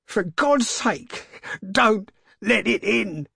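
A terrified old man in an audiobook reading, his voice shaking and a little raised, as a male reader puts him on. The tone is husky and the recording dry and close. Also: high-pitched, animated, very slow, sharp tone, no room sound, pitched above the performer's own voice, heavily acted. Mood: pleading. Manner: shaking, fearful.

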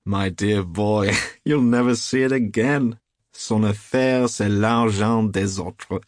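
A man's voice: low-pitched, expressive, moderate pace, gravelly, slightly rough, no room sound, clean studio sound, heavily acted. A man voicing a worldly, amused painter who teases his friend, with a drawling manner.

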